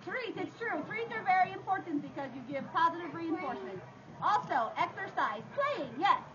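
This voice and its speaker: High-voiced playful woman performing for a crowd. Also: big pitch swings, normal speed. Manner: theatrical, playful, addressing a crowd. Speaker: dog show performer. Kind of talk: live outdoor audience show with a trained dog. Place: outdoor faire stage. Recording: dull lo-fi sound with noise.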